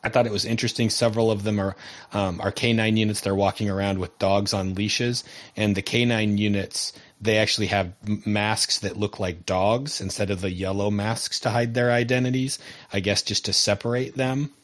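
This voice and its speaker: A man casually recapping a TV episode as a podcast co-host, lively and often laughing as he tells it. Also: fairly low pitch, normal speed.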